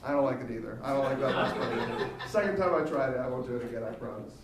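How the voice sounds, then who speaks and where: A young man performing an animated stand-up comedy set on a theater stage, jumping into high squeaky voices for the people he quotes. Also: fast, a loud crowd. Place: theater stage, live audience. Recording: echoey theater from far off.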